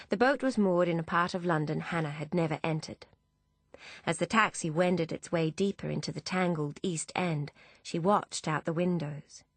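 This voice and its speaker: A woman narrating a novel as an audiobook, in a measured, descriptive storytelling manner. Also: on the low side, no room sound.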